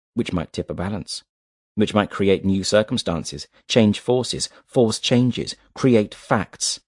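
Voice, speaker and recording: A man voicing a cold, measured man of war, speaking slowly and with quiet menace in an audiobook reading. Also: lowish voice, no echo, studio quality.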